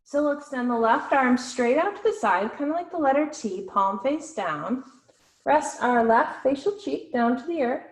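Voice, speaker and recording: A woman leads a yoga class with slow, soothing instructions and gentle pauses between cues. Her voice sits a little high. The sound carries an echo, as in a bare room. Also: very animated.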